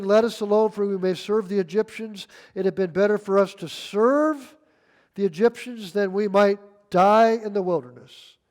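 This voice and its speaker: A man's voice: high-pitched, a little mellow. A man preaching a sermon, emphatic and folksy, reading scripture aloud. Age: 60s. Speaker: pastor.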